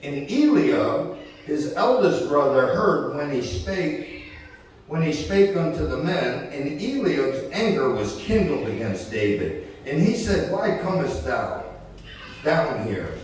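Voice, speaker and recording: A male preacher with a fairly high voice reads scripture and then retells it in loose, everyday speech, voicing the characters as he goes. He sounds distant from the mic, with a heavy church-hall echo ringing around him and a faint room hum underneath. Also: very animated, slow, a little mellow. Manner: retells scripture in casual paraphrase, acting out the characters. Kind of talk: sermon with scripture reading. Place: church sanctuary.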